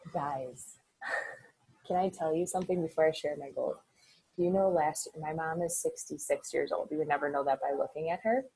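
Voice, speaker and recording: A woman with a low, slightly husky voice talks her team through their goals. Her tone is mellow and candid, and she drops the odd swear as she fires them up. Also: rough recording. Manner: candid, fired-up pep talk with casual swearing. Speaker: team leader. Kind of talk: motivational group call.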